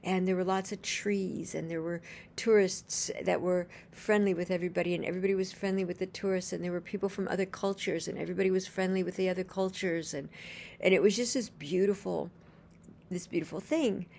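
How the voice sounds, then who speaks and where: Creaky-voiced woman telling a rambling story. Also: lowish voice, steady tone, a little fast, a little mellow, slight background noise. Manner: rambling, chains events with "and then"; earnest, gushing. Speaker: storyteller sharing a personal story. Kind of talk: casual spoken storytelling.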